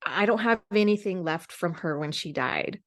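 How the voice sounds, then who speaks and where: A woman's voice: on the low side, expressive, moderate pace. A woman in her forties, a podcast host, telling a candid, emotional personal story with many fillers.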